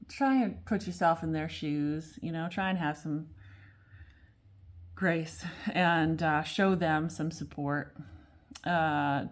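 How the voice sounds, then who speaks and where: A woman giving a casual tarot reading at a table, talking in a rambling, chatty way full of fillers and restarts. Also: lowish voice. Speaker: tarot reader. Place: at a table at home.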